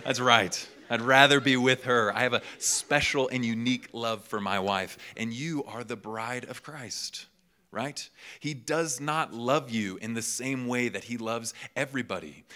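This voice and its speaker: A young man in his twenties preaching a sermon to college students, animated, laughing often and repeating words for emphasis. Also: lowish voice. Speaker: pastor.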